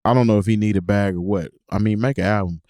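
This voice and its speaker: A man's voice: on the low side, fast talker, a little mellow, no echo, studio quality. A man co-hosting a hip hop podcast, giving mock-stern, opinionated rants in casual chat. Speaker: podcast co-host.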